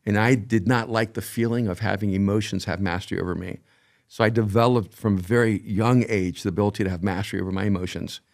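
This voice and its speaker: A man in his sixties, a podcast guest speaking in a thoughtful, measured, reflective way. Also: fairly low pitch, steady tone. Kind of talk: reflective conversation.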